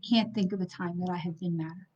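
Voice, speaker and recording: A woman's voice: on the low side, steady tone, quick pace, a little mellow. Middle-aged woman, psychic medium host, blunt and angry, swears then apologizes; muffled stream audio. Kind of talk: livestream talk to viewers. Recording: slightly dull lo-fi stream audio.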